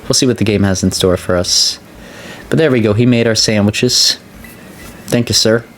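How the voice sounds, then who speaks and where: A man hosting a let's play, chatting casually and excitably as he plays. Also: moderate pace, a little hiss or hum. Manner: chatty, excitable, voice jumps high when excited. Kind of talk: casual gameplay commentary.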